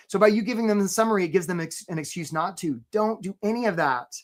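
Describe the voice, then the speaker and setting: A man's voice: sits high, fast, hardly any pauses. A man hosting a live career webinar, talking energetically and conversationally and often checking in with "right?".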